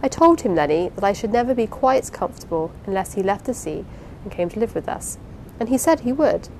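A woman's voice: medium pitch, lively intonation, fairly quick, darkish tone, slight background noise, lightly acted, low-quality recording. Rosamond, a woman reading an eager young wife. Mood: earnest. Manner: eager, playful, gushing. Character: lively affectionate young wife. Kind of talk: audiobook character reading.

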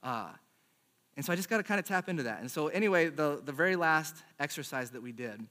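Chatty pastor telling a funny story. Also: male voice, on the high side, quick pace. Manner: self-deprecating storyteller, chatty and animated. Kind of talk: sermon with a personal story.

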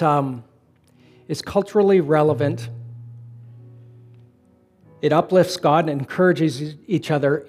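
Man, middle-aged, pastor, slightly high voice, relaxed sermon storytelling. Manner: relaxed storytelling, slowing for emphasis. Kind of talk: conversational sermon.

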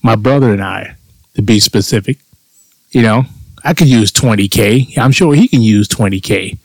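A man with a low voice rants through a personal story, crude and sarcastic, swearing at every turn. He talks casually on his own show. The sound is dry and close, with no room around it. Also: normal speed, darkish tone, dry recording, poor audio. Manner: swears often. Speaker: podcast host. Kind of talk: casual profane monologue.

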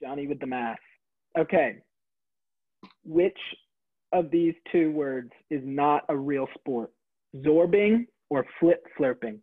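A man's voice: a little high, slow, long pauses. A man hosting a casual quiz on a podcast over a video call, teasing and playful. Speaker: quiz host. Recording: tinny phone-like call audio.

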